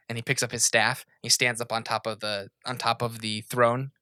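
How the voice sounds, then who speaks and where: A man's voice: medium pitch, level tone, normal speed, bright, forceful tone, smooth, no room sound. A man narrating a tabletop game as game master, often correcting himself as he goes. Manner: rambling, self-correcting narration.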